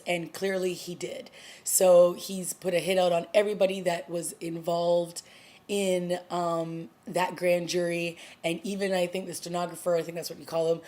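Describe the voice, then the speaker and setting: Chatty woman recapping a TV episode. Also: lowish voice. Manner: chatty, animated retelling with acted-out quotes. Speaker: TV review vlogger. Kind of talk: casual recap review.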